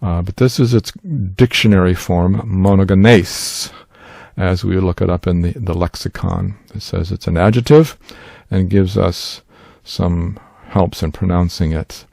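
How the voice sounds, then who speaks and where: This Bible language teacher, likely an older man, explains things patiently in a screen-share tutorial, with lots of filler words. Recorded dry and close on a desk mic, his voice is low and gravelly with a warm tone.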